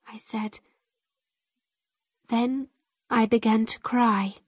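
Very slow, husky woman narrating a story. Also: on the high side, steady tone, dry recording, studio quality. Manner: slow, clear and deliberate for learners.

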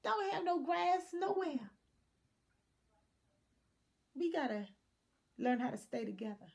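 Lively woman preaching a folksy sermon. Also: high-pitched, takes it slowly, creaky. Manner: expressive, swings between loud emphasis and soft asides.

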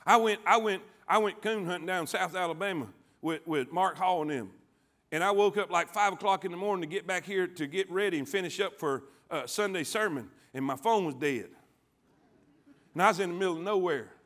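A man preaching a sermon as pastor, calling on the congregation to answer back and swinging from quiet, low lines to loud ones. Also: a little fast. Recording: church sanctuary.

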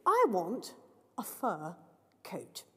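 A woman voicing a thin, fierce, selfish girl in a storybook reading, with sharp, shrieking demands. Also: medium pitch, wildly swooping pitch, drawn-out words, pitched below the performer's own voice, heavily acted. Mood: grasping. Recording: long reverb of a large hall.

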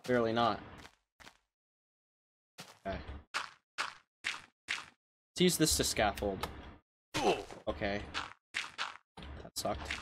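A man's voice: fairly low pitch, expressive, drawn-out words, long pauses, background noise. A man streaming a game on a headset mic, chatting casually, swearing and joking at his own expense, with game music behind. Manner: crude, self-mocking, swearing. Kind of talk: casual livestream commentary.

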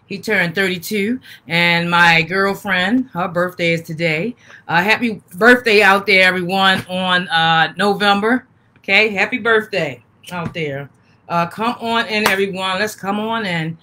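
A woman's voice: mid-range voice, sharp tone. A woman in her fifties hosting a casual live-stream sale, folksy and chatty, repeating her welcomes again and again. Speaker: live-stream seller and host.

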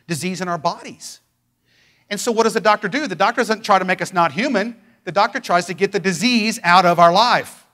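A male pastor delivers a fervent sermon in a notably high voice. He swings between forceful proclamations and quiet, pleading passages, stretching his phrases out for emphasis. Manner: fervent preaching, swings from loud declarations to hushed pleading.

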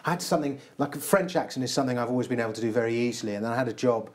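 A man's voice: mid-range voice, rapid-fire. A man interviewing a guest in casual conversation, chatty and agreeable.

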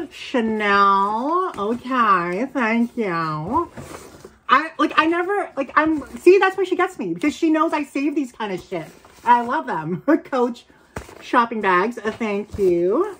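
A woman chatting casually as she unboxes and reviews secondhand bags, excitable and quick to gasp and laugh. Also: sits high, a little hiss or hum. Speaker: reseller vlogger.

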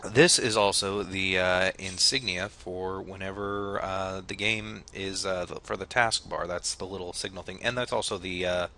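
Low-voiced young man rambling over gameplay. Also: steady tone, normal speed, few pauses, bright, forceful tone, a little hiss or hum. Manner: rambling, hesitant, many fillers. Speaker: let's play gamer. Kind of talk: casual gameplay commentary.

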